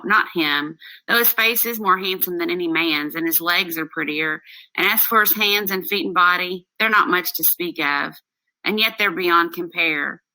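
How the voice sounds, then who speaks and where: Woman reading as a teasing old nurse, bright gravelly voice from a distance, dry. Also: fairly low pitch, no room sound. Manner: reads aloud plainly from the text. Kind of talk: classroom play reading.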